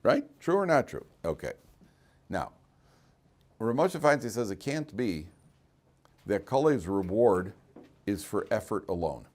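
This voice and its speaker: A rabbi teaching a Torah class to students in a classroom, acting out voices from the story and breaking off to speak to the students directly. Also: male voice, on the low side, measured pace, pauses often. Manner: animated, acts out voices of people in the story.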